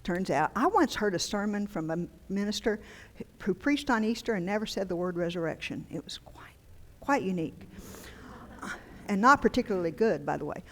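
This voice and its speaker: An older woman preaching a conversational, humorous sermon into a handheld microphone, turning animated and then dropping to near-whispers for emphasis. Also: medium pitch, moderate pace. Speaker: guest preacher. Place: church sanctuary. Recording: long church-hall reverb.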